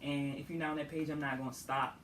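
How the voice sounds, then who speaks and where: A woman's voice: sits low, steady tone, quick pace, reverberant, slight background noise, poor audio. A young woman from the Washington DC area, talking casually as a guest, chatty, laughing often and filling with "like". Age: young adult. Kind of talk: casual chat.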